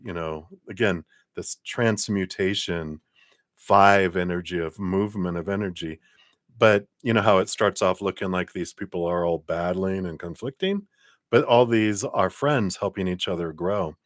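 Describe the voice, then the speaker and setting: A man with a low, deep voice reads tarot cards in a loose, conversational way. He sounds encouraging and thinks aloud with easy fillers. The sound is close and dry, with no room around it. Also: dry recording. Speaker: tarot card reader. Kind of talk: casual live tarot reading.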